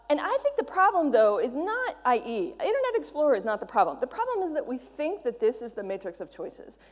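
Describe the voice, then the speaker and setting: A woman giving a conference talk, playful and animated, with a long echo from a large hall. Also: on the high side. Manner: animated, playful, quotes others in mock voices. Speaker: conference speaker.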